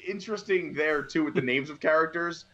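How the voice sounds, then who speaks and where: A man in casual conversation, rambling and animated as he retells scenes from a movie. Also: a little high, brisk, lo-fi sound. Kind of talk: casual movie review chat.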